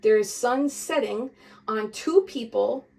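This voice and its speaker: A woman's voice: a little high, slow, vocal fry, darkish tone. A young woman doing a casual spiritual tarot reading, talking straight to the viewer in a chatty, meandering and emphatic way. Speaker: tarot reader.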